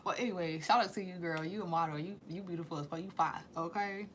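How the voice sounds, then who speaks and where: A woman's voice: fairly low pitch, quick pace, slight background noise. A woman doing a casual tarot reading in slangy, profane speech, with sudden drops into whispers. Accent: Southern US. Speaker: tarot reader.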